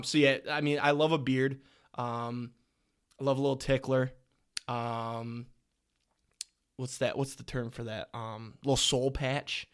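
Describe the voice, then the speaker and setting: A young man hosting a sports podcast on his own, chatting casually with rambling, crude jokes. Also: mid-range voice. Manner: joking, rambling, crude humor. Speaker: podcast host.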